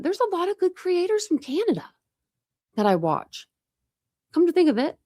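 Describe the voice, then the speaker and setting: A woman's voice: extremely high pitch, huge pitch swings, normal speed, pauses often, warm tone, no room sound, studio quality. A woman hosting a casual online chat, rambling and laughing as she browses videos and talks to her pets. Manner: rambling, chatty, laughs often, coos at pets. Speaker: true crime channel host.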